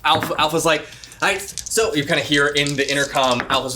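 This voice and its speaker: A man's voice: a little high, steady tone, a little fast, sharp tone, a little hiss or hum. A man narrating as game master of a tabletop game, chatty and laughing, with many fillers.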